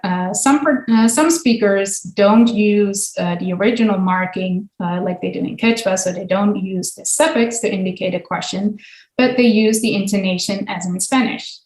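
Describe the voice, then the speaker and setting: Lecturing with slides, a woman linguistics professor explains things patiently, her speech dotted with ums and uhs. She has a mid-range, darkish voice at normal speed, and the room is echoey.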